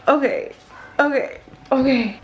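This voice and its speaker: A young woman in a casual reading vlog, talking emotionally and excitedly about a book at home, tearful at times. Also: high-pitched, slow pace, muffled recording, slight background noise. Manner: animated, emotional, exclamatory. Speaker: book vlogger.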